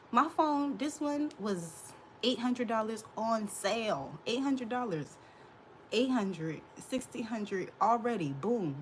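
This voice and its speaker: A woman in her thirties hosts a laid-back livestream, laughing and sassing back at her chat while stuck in a hot room. Her voice is mid-range, with slight background noise in the recording.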